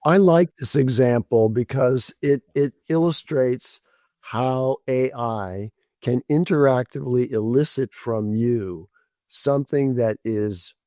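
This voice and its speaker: A man with a mellow, warm voice, musing thoughtfully as a show co-host. He speaks at a measured pace with small hesitations. The sound is dry and close. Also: medium pitch, no room sound. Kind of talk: casual chat.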